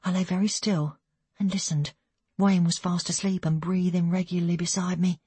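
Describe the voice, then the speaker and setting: Breathy woman narrating an audiobook. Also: on the low side, moderate pace, dry recording. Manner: even, steady storytelling with hushed asides. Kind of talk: first-person audiobook narration.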